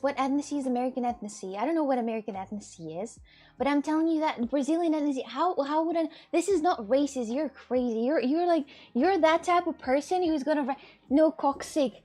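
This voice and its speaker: A woman vlogger in casual chat, arguing her point with halting restarts and fillers. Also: sits high, a little mellow.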